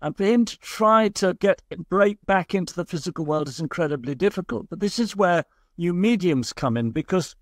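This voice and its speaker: High-voiced man explaining ideas. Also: animated, normal speed, no echo, clean studio sound. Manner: reassuring, explains in long flowing sentences. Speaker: guest scientist and author. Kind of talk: explanatory podcast interview.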